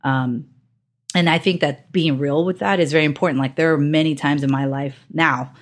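A woman's voice: low-pitched, fairly even intonation, normal speed. A woman interviewing an athlete in a casual chat, friendly and rambling, laughing often.

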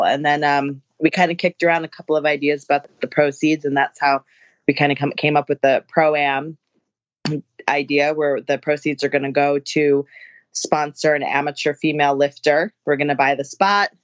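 A woman powerlifter, a guest in a casual interview, telling stories excitedly with laughs and acted-out quotes. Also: low voice, normal speed, no room sound, lo-fi sound. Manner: excitable, laughing storyteller, acts out others' voices.

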